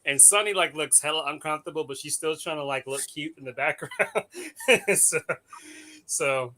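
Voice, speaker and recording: A man co-hosting a casual chat show tells stories animatedly, using coarse slang and laughing often. His voice is fairly high-pitched and he speaks at normal speed.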